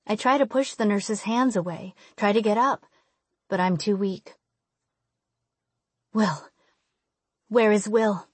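On a close studio mic with no room sound, a woman with a husky, mid-range voice reads a first-person audiobook. Her narration is measured, while the dialogue turns emotional.

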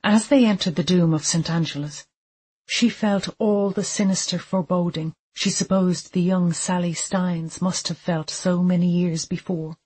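A woman reading a dark thriller audiobook aloud, measured and deliberate, with quiet tension. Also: on the low side, steady tone, husky. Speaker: audiobook narrator. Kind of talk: scripted narration of a dark thriller.

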